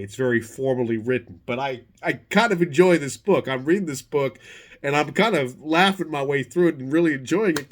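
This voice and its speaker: Man, mid-pitch, loose storyteller, swears constantly, stumbles over restarts, animated delivery. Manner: profane, animated, self-interrupting. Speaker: storyteller, former podcast host. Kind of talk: casual spoken anecdote.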